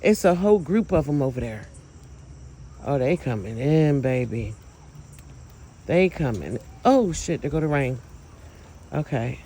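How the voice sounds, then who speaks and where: A man filming outdoors at night, talking to viewers in an emotional, awed, exclaiming way with drawn-out words. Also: medium pitch, expressive, warm tone, slight background noise, poor audio. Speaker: vlogger filming lights at night. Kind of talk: excited casual commentary to viewers.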